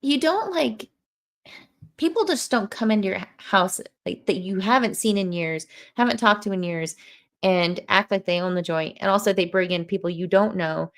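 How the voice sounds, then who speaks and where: A woman's voice: mid-range voice, moderate pace. A woman hosting a podcast in casual chat, thoughtful and wry, often speaking in broken phrases. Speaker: podcast host.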